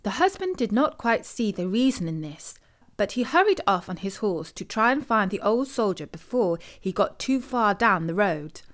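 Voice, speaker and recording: A woman storyteller reading a traditional tale in clear, measured scripted narration. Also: medium pitch, sing-song.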